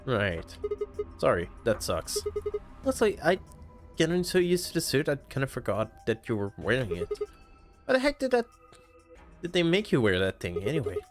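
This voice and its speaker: A man's voice: medium pitch, wildly swooping pitch, normal speed, pauses often, soft background music. A man from Canada giving chatty let's-play commentary, laughing often as he reads the game and reacts. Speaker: gaming streamer.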